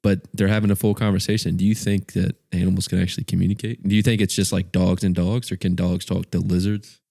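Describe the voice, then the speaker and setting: A very deep male voice, gravelly and dark in tone. He speaks bluntly with deadpan dark humor as a podcast co-host in casual chat. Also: quick pace.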